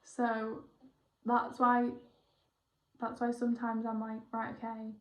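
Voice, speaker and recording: Chatty young woman, roomy dull sound. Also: fairly high pitch. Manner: chatty, excitable, rambling with quick self-corrections. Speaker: spiritual healer. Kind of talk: casual one-on-one session chat.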